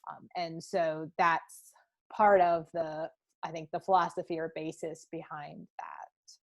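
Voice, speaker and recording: A woman's voice: deep voice, flat delivery, unhurried, creaky, highs cut off. A young woman presenting a live webinar, answering questions with frequent ums.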